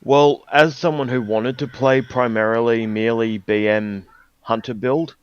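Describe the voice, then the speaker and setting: A man's voice: mid-range voice, steady tone, unhurried, clean tone, dry recording. A man talking as a guest on a casual gaming podcast, hesitant and full of restarts. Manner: hesitant, many ums and restarts. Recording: dull, lo-fi dry mic.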